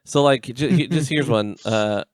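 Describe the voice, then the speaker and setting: A man's voice: medium pitch, moderate pace, no room sound, studio quality. A man co-hosting a casual podcast, telling an online argument story with laughs and swearing. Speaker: podcast co-host. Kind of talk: casual chat.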